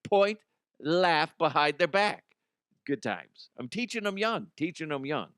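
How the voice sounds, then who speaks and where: A man's voice: a little high, lively intonation, a little slow, fairly bright tone, clear, resonant tone, no echo, clean studio sound. A man hosting a comedy show, ranting casually in an exasperated way and swearing freely. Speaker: comedy podcast host.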